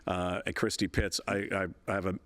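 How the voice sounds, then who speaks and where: A man in his sixties, a veteran broadcaster appearing as an interview guest, speaks in a low, level, fairly bright voice at a brisk pace with no echo. His casual storytelling is chatty and rambling, with frequent laughs and restarts.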